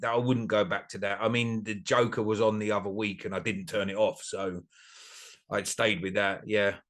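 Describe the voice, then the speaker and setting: A man's voice: fairly low pitch, flat delivery, moderate pace, fairly bright tone. A man co-hosting a casual podcast chat, rambling and self-deprecating with many restarts. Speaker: podcast co-host.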